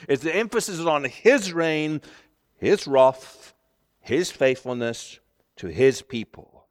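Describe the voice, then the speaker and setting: Male preacher, sermon delivery, emphatic with forceful peaks, mid-pitched voice, long church-hall reverb. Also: expressive, a little slow. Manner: emphatic, rising to forceful declarations.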